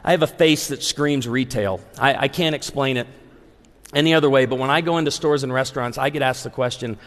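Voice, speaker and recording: A pastor in his forties preaching a humorous, story-driven sermon to a live audience, animated and acting out dialogue. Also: mid-range voice, brisk. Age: 40s. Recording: long hall reverb.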